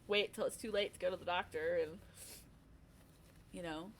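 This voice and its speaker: A woman's voice: fairly low pitch, steady tone, moderate pace, pauses often, slight background noise. A young woman streamer telling a personal story in a candid, conversational way, acting out her own thoughts as she goes.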